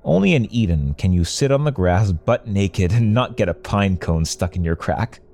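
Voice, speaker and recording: A man's voice: lowish voice, lively intonation, moderate pace, mellow, a little hiss or hum. A man voicing a drunk, smirking young woman who claims to be the devil, speaking in an amiable, sly, mocking way. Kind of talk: storytelling narration.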